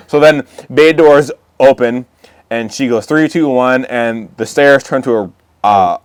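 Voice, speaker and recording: A man co-hosting a podcast, chatting casually in a mid-range voice and jumping into quick impressions of characters as he retells scenes. The sound is dry and close, with no room around it. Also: medium pitch, clean tone, no room sound. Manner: animated, acts out characters' lines while retelling, laughs often. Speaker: podcast co-host. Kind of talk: casual chat recapping a show.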